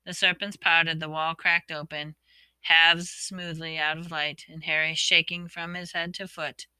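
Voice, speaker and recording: A woman reading a storybook aloud, expressively voicing the characters' shouts and whispers. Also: deep voice, little pitch movement, a little slow, clear, resonant tone, dry recording. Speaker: audiobook reader.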